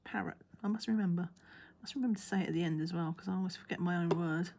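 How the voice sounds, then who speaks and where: A woman's voice: fairly low pitch, fast talker, creaky, noisy background. A woman chatting casually as she works on a craft, mumbling and half-whispering to herself. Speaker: crafting vlogger. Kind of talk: casual chat while crafting.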